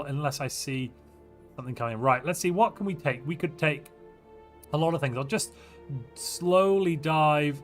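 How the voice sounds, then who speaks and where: A man casually commentating a strategy game on a livestream, thinking aloud and reacting to viewer chat in a playful way. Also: fairly high pitch. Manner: playful, muses aloud while weighing options. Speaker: game streamer. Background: faint background music.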